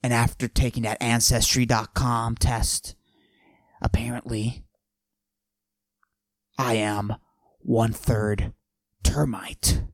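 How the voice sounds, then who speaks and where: A man playing a boastful macho character, pushing his voice low and husky and often dropping to a whisper while he brags deadpan. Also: slow, pauses often. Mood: swaggering. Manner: boastful, deadpan absurd bragging. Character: cocky macho man with a forced deep voice. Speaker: podcast host. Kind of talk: comic character monologue.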